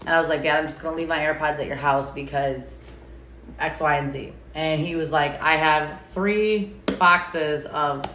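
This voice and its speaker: A woman's voice: low-pitched, fairly even intonation, normal speed, fairly bright tone. A woman chatting casually on a live stream, rambling and sarcastic and swearing freely. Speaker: TikTok creator. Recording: echoey room, faint background noise.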